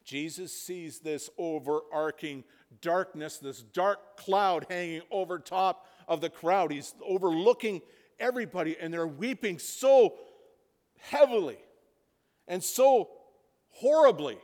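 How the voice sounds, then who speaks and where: A man preaching a sermon, retelling a story, dropping to a hush and then building to loud emphasis. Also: sits high, lively intonation, measured pace. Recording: reverberant hall.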